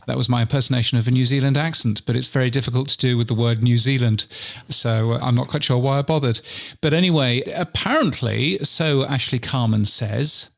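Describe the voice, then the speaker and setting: Dry witty guy on a podcast, gravelly voice, jokey little asides. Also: medium pitch, brisk, fairly bright tone. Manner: wry, playful asides. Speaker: podcast co-host. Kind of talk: casual chat.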